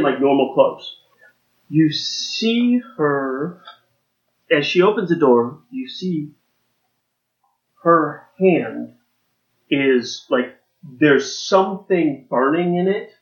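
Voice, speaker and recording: Male game master, slightly high voice, rambling narration; roomy, dull recording. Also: animated, takes it slowly, pauses often. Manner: loose, rambling narration with restarts. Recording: echoey room, dull lo-fi sound.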